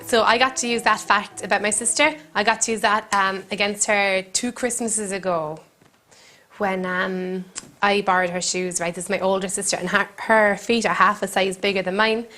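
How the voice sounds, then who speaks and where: A woman comedian with a Cork accent hosting a comedy cooking show, telling rambling deadpan stories with giggles in between. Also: mid-range voice, moderate pace. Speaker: comedian host. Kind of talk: deadpan comic monologue. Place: country kitchen.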